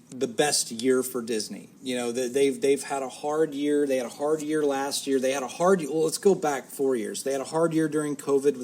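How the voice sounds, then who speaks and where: A man's voice: medium pitch, darkish tone, a little hiss or hum. A man co-hosting a casual talk show, rambling and correcting himself as he jokes. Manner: rambling, self-correcting, joking. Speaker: podcast co-host. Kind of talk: casual chat.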